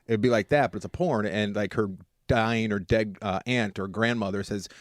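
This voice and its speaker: A man's voice: fairly low pitch, normal speed, no echo, clean studio sound. A man co-hosting a podcast, trading jokes and teasing banter in casual chat. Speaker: podcast co-host.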